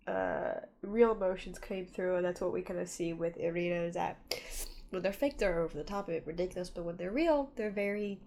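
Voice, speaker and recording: A woman with a stuffed-up nose talks casually to her viewers. She rambles and laughs often, and her pitch sits in an ordinary middle range. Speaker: anime reaction youtuber. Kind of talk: casual reaction commentary.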